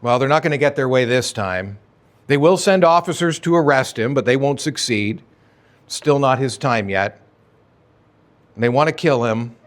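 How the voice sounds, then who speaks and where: A man with a mid-range voice and moderate pace preaches an expository sermon as his church's pastor in the sanctuary. His manner is conversational and emphatic, surging and dropping in energy without warning.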